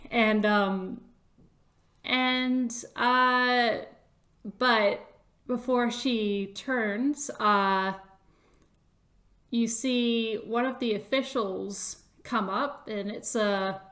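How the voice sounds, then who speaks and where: A woman's voice: fairly high pitch, fairly even intonation, drawn-out words, a bit bright. A woman narrating a tabletop game as game master, with many hesitant fillers.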